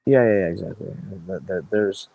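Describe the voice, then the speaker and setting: A man in his thirties, a podcast guest, telling rambling stories in casual chat with many restarts and lively quoted voices. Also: sits low, normal speed, creaky, low-quality recording. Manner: rambling, animated voices when quoting friends, frequent restarts.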